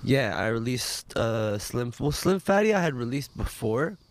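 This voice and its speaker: A man's voice: medium pitch, very animated, a little slow, no echo. A young man, a rapper guest, telling stories in a rambling way full of likes and ums. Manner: rambling, filler-heavy storytelling with many likes and ums. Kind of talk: casual chat.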